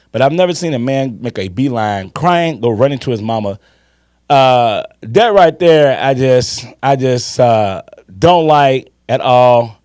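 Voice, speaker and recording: A man in his fifties holds forth on a sports podcast. His talk swings widely up and down in pitch, emphatic and salty, with stories that wind on. The sound is dry and close. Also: darkish tone, no room sound. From Chicago. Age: 50s. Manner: emphatic, swearing, drawn-out storytelling. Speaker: podcast co-host. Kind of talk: casual sports chat.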